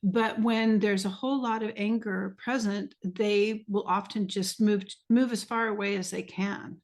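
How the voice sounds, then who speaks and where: A woman's voice: medium pitch, steady tone, measured pace. A woman hosting an interview podcast, asking thoughtful, reflective questions with small restarts. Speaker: podcast host. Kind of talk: casual interview conversation.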